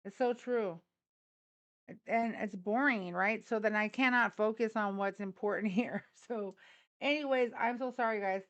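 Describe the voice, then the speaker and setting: Broadcasting live from her phone in a hot room indoors, this political livestream host has a mid-range voice and an unhurried delivery. The audio sounds dull, and she keeps the tone casual, blunt and full of swearing as she mocks viewers.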